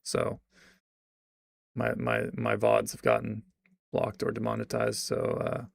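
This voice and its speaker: Man, streamer, casual rambling chat, very gravelly voice, dry sound. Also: on the low side, very animated, slow, dry recording. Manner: rambling, restarts, trails off into quiet mumbles.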